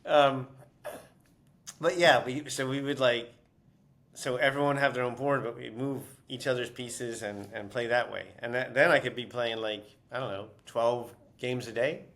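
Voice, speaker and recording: A man's voice: medium pitch, steady tone, normal speed, fairly bright tone. A man being interviewed as an author, telling stories casually with many fillers and restarts.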